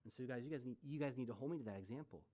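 A man's voice: mid-range voice, racing, warm tone. A man in his forties preaching a sermon as pastor, conversational, with joking asides and rhetorical questions. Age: 40s.

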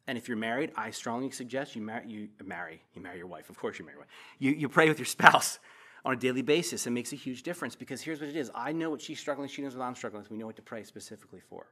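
A middle-aged man preaching a sermon as a pastor in a church, passionate, with loud emphatic bursts and quiet asides. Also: mid-range voice, fast talker.

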